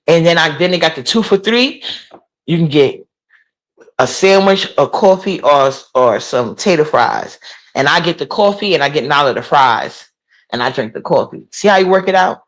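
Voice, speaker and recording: A woman's voice: deep voice, lively intonation, moderate pace. A woman, chatting casually on a livestream, reading and answering comments. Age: 40s. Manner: gossipy, incredulous, talks back to chat. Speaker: livestream host.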